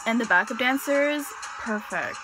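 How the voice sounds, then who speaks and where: A woman's voice: a little high, animated, normal speed, low-quality recording. Gushing woman over blaring music. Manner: gushing, gasping, squealing names. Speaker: reaction video host. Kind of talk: excited reaction commentary. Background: loud performance music.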